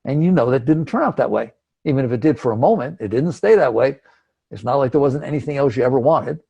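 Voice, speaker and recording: A man's voice: medium pitch, quick pace, creaky, dark tone, husky. A man giving a conversational spiritual talk, emphatic and acting out inner thoughts. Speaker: spiritual teacher.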